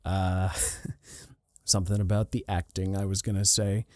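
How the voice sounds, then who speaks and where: Guy cohosting a movie podcast, smooth clear voice, dry close sound, lots of likes and ums. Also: low voice, flat delivery, unhurried, darkish tone, no echo. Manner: thoughtful, many fillers and restarts. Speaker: podcast co-host. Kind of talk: casual film review chat.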